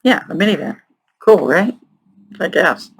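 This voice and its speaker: A woman hosting a true crime show, telling the case in a casual, halting way with frequent sarcastic and profane asides. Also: on the low side, big pitch swings, creaky, a little hiss or hum, low-quality recording. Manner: halting, many ums and restarts. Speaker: true crime podcast host.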